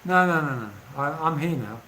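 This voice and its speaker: A pompous, stuck-up foreman, as a storyteller puts him on, talking in a fussy, insistent way. His voice is pitched a little high. There is faint noise in the background. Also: expressive, moderate pace, sharp tone.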